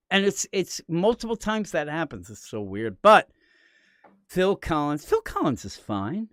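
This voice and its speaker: A man's voice: big pitch swings, measured pace, a bit bright, dry recording, studio quality. An American man co-hosting a comic-book podcast in casual, jokey chat, sometimes putting on silly voices. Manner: jokey, puts on silly high accent voices. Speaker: podcast co-host. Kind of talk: casual live-stream chat.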